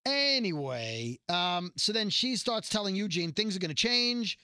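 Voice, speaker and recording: A man with a high, bright voice talks through a story in a loose, rambling way, slipping into the characters' lines as he goes. The sound is close and dry, with no room around it. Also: sing-song, measured pace, clean tone, dry recording. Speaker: podcast co-host recapping a TV episode. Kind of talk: casual chat.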